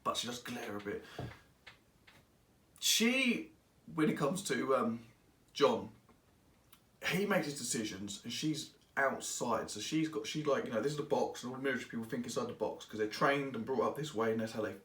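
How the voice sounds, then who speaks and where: Bright-voiced man rambling in an echoey room. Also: mid-range voice, moderate pace, recorded from a distance. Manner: rambling and excitable, acts out characters in quotes. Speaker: book reviewer. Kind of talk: casual spoken book review. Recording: echoey room, voice away from mic.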